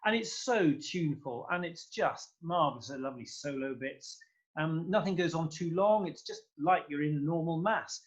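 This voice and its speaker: A man's voice: fairly high pitch, moderate pace, dull audio. A man chatting as a guest conductor in an interview, effusive and rambling, with lots of fillers. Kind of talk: casual interview chat.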